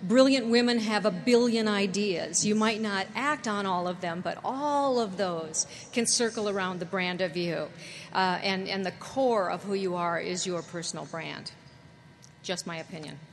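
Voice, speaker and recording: A woman's voice: medium pitch, moderate pace. A woman moderating a panel discussion, talking energetically and chattily. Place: conference hall with audience. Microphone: handheld microphone. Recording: reverberant hall, faint noise.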